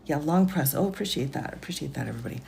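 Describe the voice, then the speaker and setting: Very low, gravelly woman in a hushed voice. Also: lively intonation, very fast, slight background noise. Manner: hushed, half-whispered. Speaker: legal commentator. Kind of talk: soft ASMR-style live stream talk. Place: home at night. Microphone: phone.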